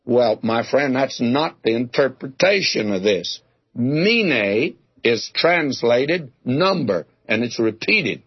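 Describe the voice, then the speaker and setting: In a sing-song, breathy mid-range voice, a man takes his time preaching an expository sermon, working through a scripture passage in a folksy, conversational manner. He tells homely jokes and keeps calling his listeners "my friend," captured in a dry, dull lo-fi recording.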